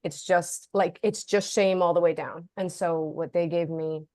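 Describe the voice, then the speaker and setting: A woman's voice: lowish voice, steady tone, measured pace, mellow, no room sound. A woman author in a casual discussion, talking in a chatty way, often saying "like" and briefly acting out the voices she quotes. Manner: chatty, leans on "like", acts out quoted inner voices. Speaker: author and guest.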